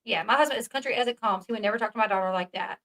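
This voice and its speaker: A woman's voice: on the high side, racing, a bit bright, low-quality recording. A woman from the South, hosting a casual commentary video, chatty and emphatic, swearing freely. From American South. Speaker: commentary channel host.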